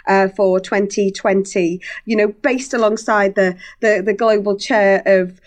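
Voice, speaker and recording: A woman being interviewed in a casual chat. She talks in quick bursts with many restarts, and her pitch leaps up whenever she quotes people. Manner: animated, jumps in pitch when quoting people. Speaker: podcast guest, awards organiser.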